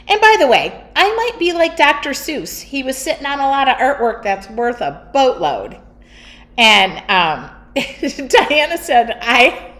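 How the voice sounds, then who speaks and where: A middle-aged woman hosting her art studio stream, talking loosely and loudly with frequent laughs. Her voice sits a little high. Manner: chatty, laughs often, loud. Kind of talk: casual chat during a livestream.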